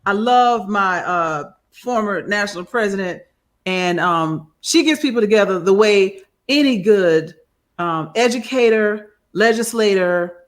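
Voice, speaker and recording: A woman co-hosting a panel talk show, giving animated, sassy commentary. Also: medium pitch, unhurried. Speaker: co-host.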